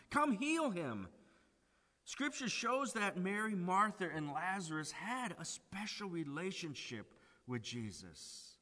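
A man preaching a sermon, swinging from loud pleading to hushed emphasis. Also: a little high, in a large hall.

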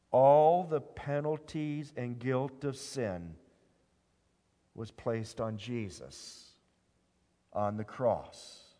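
A man preaching a sermon, swinging between hushed low phrases and loud emphatic lines, drawing out the scripture he quotes. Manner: slow, deliberate delivery with drawn-out scripture quotes. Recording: long hall reverb.

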